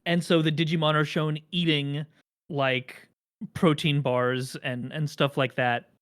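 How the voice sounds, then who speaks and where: Podcast host, talks at a middling pitch, meanders through long explanations, dry humor. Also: flat delivery, unhurried, fairly bright tone, clear, resonant tone. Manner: rambling, enthusiastic explainer with dry jokes. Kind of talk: casual podcast chat.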